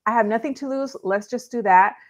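Chatty woman guest, bright and upbeat, slightly high. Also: a little fast. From Los Angeles, California. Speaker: guest, real estate agent. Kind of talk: casual interview.

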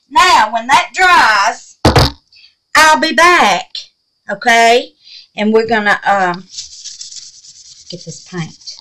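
A woman's voice: a little high, lively intonation, very slow, long pauses, noisy background. An older woman with a Southern US accent hosting a casual crafting vlog, chatty and gushing, calling her viewers honey and babies. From Mississippi, USA. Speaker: resin craft channel host.

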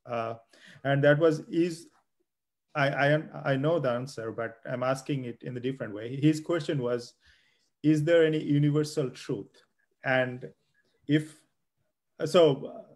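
A man's voice: mid-range voice, darkish tone. Hesitant male interviewer. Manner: hesitant, many fillers and restarts. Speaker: host interviewer. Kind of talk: interview questions.

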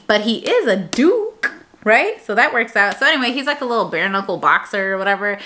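A young woman chats casually to her vlog audience, rambling from one point to the next with plenty of fillers and restarts. Her voice sits in an ordinary middle pitch but has a bright, sharp edge. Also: slight background noise. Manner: chatty, rambling, lots of fillers and self-corrections. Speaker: vlogger. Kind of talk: casual chat.

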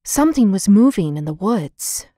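A female audiobook narrator reads a children's book in a clear, expressive storytelling style. Her mid-range voice moves at normal speed, and the recording is dry with studio quality.

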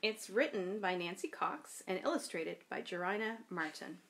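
A woman pastor reading a children's story in a worship service, with a gentle storybook delivery. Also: fairly low pitch, expressive, moderate pace.

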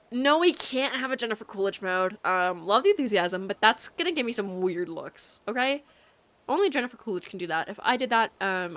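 A woman's voice: medium pitch, fairly bright tone. A woman livestreamer chatting casually with her chat while gaming, rambling and filling her talk with likes and ums.

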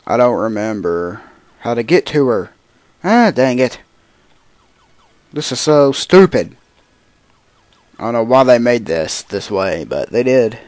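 A man's voice: mid-range voice, very animated, a little slow, pauses often, a little mellow, no echo. A man giving casual gameplay commentary as a let's play host, grumbling to himself in frustration.

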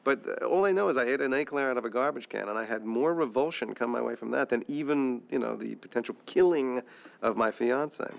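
An actor in an interview, telling a wry, exasperated anecdote. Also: male voice, medium pitch, a little fast, gravelly, highs cut off. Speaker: actor interviewed about a sitcom.

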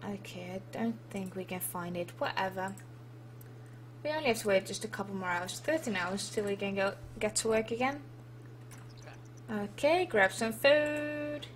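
A woman with a Dutch accent gives relaxed, unhurried commentary over a life-sim game. She chats playfully and reads the game's prompts aloud, with a faint hum in the background. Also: fairly high pitch. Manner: chatty and playful, reads on-screen text aloud. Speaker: let's play host. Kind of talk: casual gameplay commentary.

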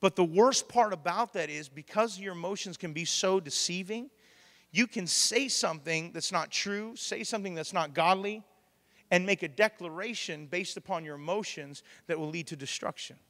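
A man, preaching a lively sermon and acting out the voices he quotes. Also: high voice, moderate pace. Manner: animated, plays out quoted voices, laughs often. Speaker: pastor. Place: church hall. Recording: long hall reverb.

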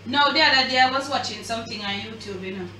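Jamaican lady showing a recipe, talks straight at you, bright forceful voice, echoey room, a bit far from the mic, faint hum. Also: fairly high pitch, quick pace. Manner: chatty, emphatic, addresses viewers directly. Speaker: cooking show host. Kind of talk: casual cooking demonstration. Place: home kitchen. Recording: roomy sound from a distance.

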